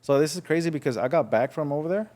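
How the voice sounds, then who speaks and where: Young adult man from Los Angeles, podcast guest, frank halting storyteller. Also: fairly high pitch, expressive, a little mellow. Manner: frank, halting, acts out voices in his story. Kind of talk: casual storytelling.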